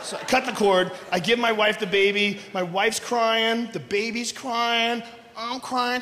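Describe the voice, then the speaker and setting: A man doing a loud, profane stand-up routine in front of a live audience, often breaking into shouts. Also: very high-pitched, fairly even intonation, unhurried. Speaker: stand-up comedian. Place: large concert hall, live audience. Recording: echoey live hall recording with noise.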